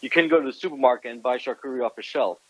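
A man in his thirties with an American accent, a chef answering interview questions in a halting way, restarting and repeating words. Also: medium pitch, a bit bright, breathy edge, no echo, poor audio. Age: 30s. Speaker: guest chef.

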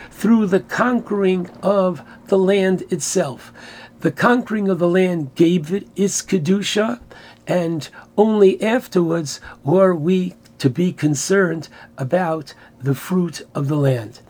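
A man's voice: high voice, a little mellow, a little hiss or hum. A man teaching a Torah class, earnestly explaining verses, quoting Hebrew and translating as he goes.

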